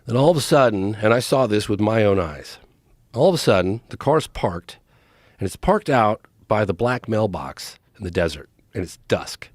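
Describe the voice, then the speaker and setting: A man telling a story with excitement and a lively, rising and falling pitch. He sits close to a studio mic in a dry room, speaking as a podcast guest. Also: normal speed, no room sound. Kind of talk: animated storytelling.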